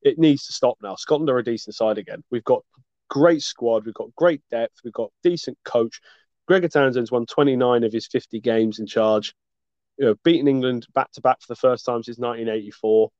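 A man's voice: mid-range voice, fairly quick, a little mellow, no room sound. Ranting man talking rugby, dull dry audio. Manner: passionate, ranting, swears freely. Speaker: podcast co-host. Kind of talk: casual sports chat.

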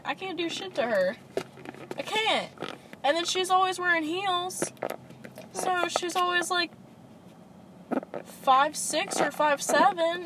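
A woman's voice: very high voice, background noise. A young woman chatting casually as a podcast co-host, blunt and profane, laughing often. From Louisiana, US. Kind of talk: casual chat.

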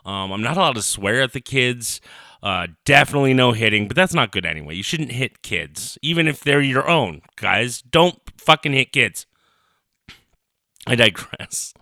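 A young man hosts his own casual solo podcast from his parents' kitchen, rambling and swearing through a heated rant into a home recorder on a computer. His medium-pitched voice is expressive, bright, and forceful at a moderate pace, and the recording sounds dry and clean, like a studio.

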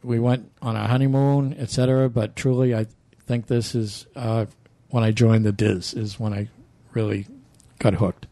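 A man's voice: mid-range voice, level tone, moderate pace, few pauses, mellow, no echo. A man co-hosting a podcast who reads a listener's letter aloud, stumbling a little.

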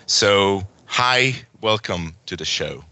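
A man's voice: lowish voice, expressive, slow pace, pushed and bright, clear, resonant tone, dry recording. A man hosting a podcast interview, earnest, with frequent ums and uhs. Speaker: podcast host. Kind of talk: hosted interview.

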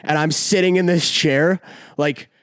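A young man hosting a podcast, telling a rambling, profane, animated story in casual chat. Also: on the high side, slow pace, clean tone, dry recording, clean studio sound. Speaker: podcast host.

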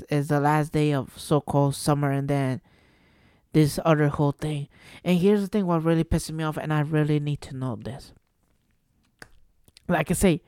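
A man's voice: a little high, darkish tone, smooth, dry recording, studio quality. A man from New Jersey hosting a solo podcast, ranting in an exasperated, profane way and firing off rhetorical questions. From New Jersey, USA. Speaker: podcast host. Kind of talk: casual solo podcast rant.

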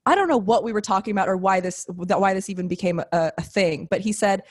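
A woman's voice: medium pitch, fast talker. Giggly young woman telling a story. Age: 20s. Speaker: podcast co-host. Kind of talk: casual podcast chat.

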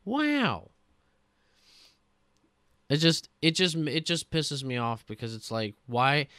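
A man ranting excitedly on a casual gaming podcast, swearing often. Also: mid-range voice, normal speed, clear, resonant tone, dry recording, clean studio sound. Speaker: podcast co-host.

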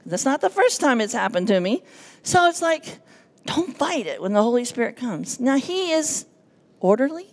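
A nervous woman giving a personal testimony to a congregation, animated and self-deprecating, acting out the voices in her story. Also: sits high, moderate pace. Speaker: church speaker giving testimony.

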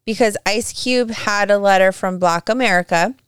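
A woman's voice: medium pitch, normal speed, clear, resonant tone, no room sound, clean studio sound. A woman co-hosting a podcast in casual political chat, searching for words and rambling. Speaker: podcast co-host.

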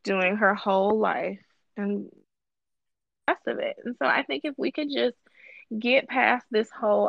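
Woman guest co-host, casual podcast chat, emphatic, gravelly, dry lo-fi sound. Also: medium pitch, steady tone, measured pace, pauses often, dry recording. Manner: emphatic, repeats phrases for stress.

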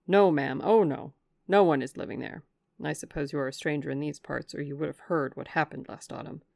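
A woman's voice: low voice, brisk, creaky, darkish tone, dry recording, clean studio sound. A woman voicing a respectful middle-aged man, a former butler who tells a story in a confiding, deferential way. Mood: dismayed.

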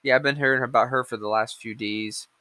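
A man's voice: medium pitch, fairly even intonation, brisk, sharp tone, dry recording. A man hosting a podcast, ranting casually about politics, sarcastic and profane, drifting off into hummed filler between stories. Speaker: podcast host.

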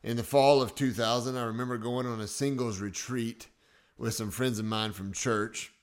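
A man's voice: medium pitch, steady tone, normal speed. A man in his forties hosting his own podcast, telling personal stories in a casual, self-joking way from a studio. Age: 40s. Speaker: podcast host.

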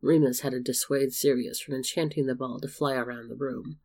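A man narrating a story in a steady, measured reading voice. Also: mid-range voice. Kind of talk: storybook fan fiction reading.

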